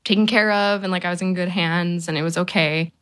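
A woman's voice: fairly low pitch, fairly even intonation, fairly quick, a bit bright. A woman in her thirties speaking candidly in an interview, conversational with frequent fillers. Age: 30s. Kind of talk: casual interview.

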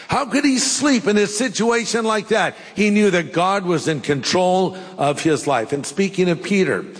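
An older man preaching a sermon, telling folksy stories with jokes and pauses. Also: high voice, animated. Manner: folksy, jokey storytelling with pauses. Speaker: pastor. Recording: long hall reverb.

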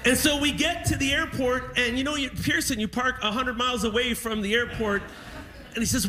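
A male stand-up comedian with a high, bright voice. He tells his story in an animated, self-deprecating way, full of quick asides.

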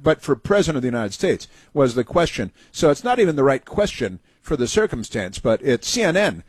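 A man's voice: fairly high pitch, husky, dry recording. A man hosting a talk show, delivering a sarcastic, indignant monologue with mocking asides. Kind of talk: opinionated talk radio monologue.

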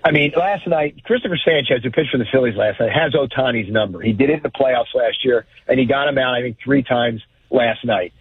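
A man's voice: medium pitch, brisk, hardly any pauses, husky. Blunt man on a tinny phone line. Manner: blunt, animated, mocking impressions. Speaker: guest commentator. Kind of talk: sports talk.

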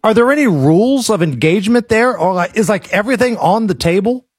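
A man's voice: sits high, lively intonation, brisk, husky, no room sound, studio quality. A man hosting a radio interview, upbeat and promotional. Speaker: radio host.

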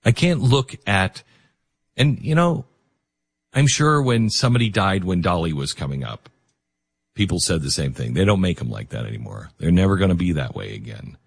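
A low, husky-voiced man hosts a talk radio show with a lively, swinging delivery. He speaks with emotional emphasis into a dry studio microphone. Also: normal speed, no room sound.

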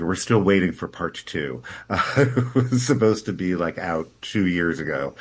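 A man's voice: sits low, a bit bright. A man, a theater director, answering interview questions in a chatty way, laughing often and restarting his sentences.

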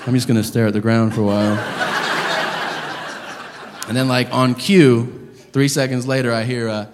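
On a club stage, a man does stand-up, loudly and incredulously telling a story and shouting the lines he acts out while the audience laughs. His mid-range voice holds a steady tone at normal speed, and the live venue is reverberant with crowd noise.

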